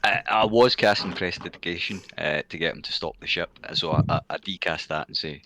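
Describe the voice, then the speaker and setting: A man playing a tabletop role-playing game, speaking haltingly with frequent restarts. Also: sits low, sharp tone. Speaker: player.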